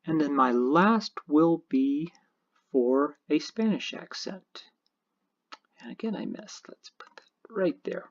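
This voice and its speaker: A programming teacher narrates a screencast at an unhurried pace, explaining every step in a methodical way. The voice is somewhat husky, and the recording sounds dull and lo-fi. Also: mid-range voice, animated.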